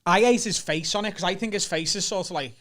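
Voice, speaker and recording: A Scouse man, a comedian, telling animated, sweary stories in casual chat on a podcast. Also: sits high, fast talker. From Liverpool, England.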